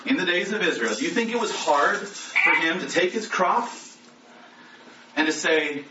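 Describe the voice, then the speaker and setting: A man's voice: sits high, animated, fairly quick. Distant, echoey man preaching a sermon. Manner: conversational, asks rhetorical questions. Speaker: pastor. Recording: roomy echo, distant mic, lo-fi with noise.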